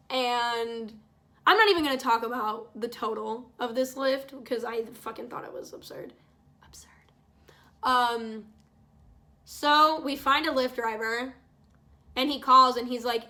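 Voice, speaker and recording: A woman's voice: on the high side, pushed and bright. A young woman vlogger telling a story in casual talk, exasperated and swearing freely, acting out what people said. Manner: exasperated, swears freely, acts out quoted lines. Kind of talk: casual storytime while painting.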